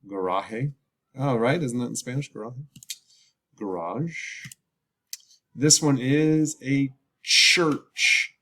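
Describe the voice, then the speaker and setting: A man teaching English vocabulary in a casual lesson, slowly repeating each word and explaining its spelling. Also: lowish voice. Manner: repeats words slowly, drawn-out pronunciation drills. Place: lives in Colombia.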